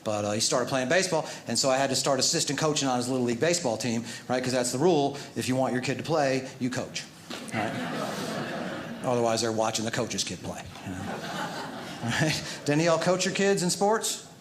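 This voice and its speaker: Stand-up comic in an echoey club. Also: male voice, mid-range voice, a little fast. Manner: conversational, peppered with "right?", animated when mimicking. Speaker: stand-up comedian. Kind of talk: stand-up comedy set. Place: comedy club stage. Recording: echoey club with audience noise.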